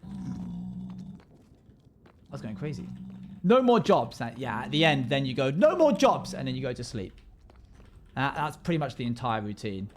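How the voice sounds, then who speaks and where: Male live streamer, casual and joking, mid pitch, loud comic outbursts. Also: moderate pace, long pauses, slight background noise. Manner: jokey, chatty, bursts into loud playful yells. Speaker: game streamer. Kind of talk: casual live-stream chat while gaming.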